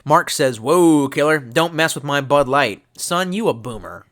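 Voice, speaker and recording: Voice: medium pitch, expressive, measured pace, fairly bright tone. A tipsy livestream host rambling casually from a desk at home, loose and heavy on swearing. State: tipsy from drinking. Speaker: livestream host reading chat. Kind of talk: casual rambling live chat.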